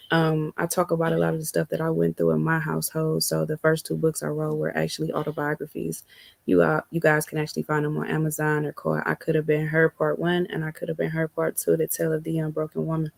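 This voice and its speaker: A woman from Cleveland with a heavily gravelly, fry-laden voice that stays flat in pitch. She chats warmly with the other panelists, and the sound is dry. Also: dry recording. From Cleveland, Ohio. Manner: friendly, chatty, calls others girl. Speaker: guest panelist, hairstylist. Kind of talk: casual panel chat.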